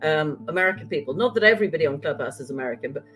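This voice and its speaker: An older woman from the United Kingdom with a standard British (BBC English) accent chats as a guest in a casual interview, drawing on her past as a journalist. Her expressive voice sits low with a slightly bright quality, and she's full of quick asides and light laughter. The recording is rough.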